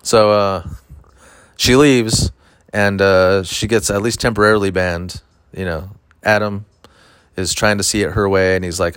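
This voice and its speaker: A man's voice: fairly low pitch, fairly even intonation, measured pace, long pauses, a bit bright, clean tone, no echo. A man, a stand-up comedian, telling a story in a rambling, profane, casual way with lots of fillers.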